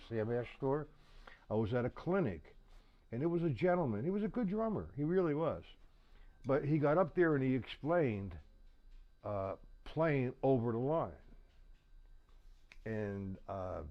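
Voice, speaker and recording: A man teaching drums in a live lesson. He talks plainly, repeats and restarts himself, and counts beats out loud. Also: medium pitch, muffled recording. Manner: counts beats aloud over his playing. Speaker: drum teacher. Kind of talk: live online drum lesson. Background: drum kit playing.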